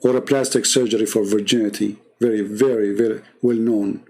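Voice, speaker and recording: A man's voice: fairly low pitch, steady tone, brisk, mellow. A man hosting a live debate stream, delivering a heated, scornful monologue full of mocking rhetorical questions.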